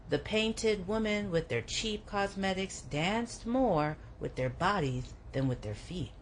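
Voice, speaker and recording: Low-voiced woman reading a memoir. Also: a little hiss or hum, low-quality recording. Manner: measured, steady reading. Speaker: book club reader.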